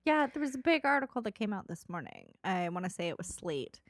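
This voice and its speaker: A woman co-hosting a podcast, chatting casually, sarcastic and profane, with a gravelly quality. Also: medium pitch, very animated, brisk, dry recording, clean studio sound. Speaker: podcast co-host. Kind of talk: casual chat.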